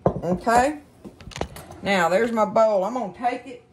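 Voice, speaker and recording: A woman's voice: a little high, a little slow, background noise. Folksy woman cooking at home. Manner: chatty, folksy, keeps addressing viewers as y'all. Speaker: cooking show host. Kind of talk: casual cooking demonstration. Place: home kitchen.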